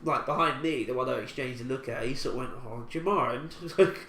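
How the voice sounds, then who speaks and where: A man's voice: mid-range voice, fast, fairly bright tone. A man, telling a rambling anecdote on a podcast with lots of laughs and restarts. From England. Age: 20s. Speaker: podcast co-host. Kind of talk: casual chat, telling an anecdote. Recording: echoey room with faint ambient noise.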